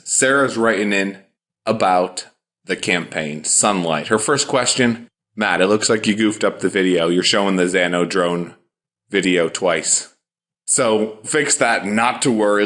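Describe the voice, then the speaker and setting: A man with a fairly low voice hosts a podcast. He talks in an upbeat, enthusiastic way, rattling off his points in quick succession like a seasoned commentator. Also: a bit bright. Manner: upbeat, enthusiastic, quick rapid-fire delivery. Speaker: podcast host.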